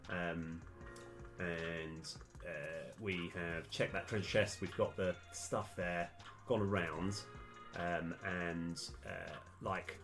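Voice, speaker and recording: A man live-streaming a game, thinking aloud with lots of fillers and sudden bursts of excitement. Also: low voice. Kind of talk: live-stream commentary while playing and mapping a game.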